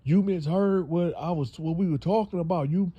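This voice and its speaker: A man's voice: sits high, normal speed, husky, muffled recording, pitched above the performer's own voice. A man voicing an evasive husband who stammers out flustered denials. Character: evasive, pleading grown husband.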